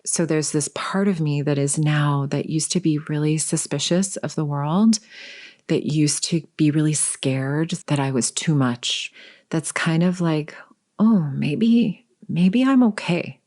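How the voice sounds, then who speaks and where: A woman in her forties hosting a reflective solo podcast as a coach, talking gently and unhurriedly, sometimes dropping to a soft whisper. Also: deep voice, steady tone, unhurried.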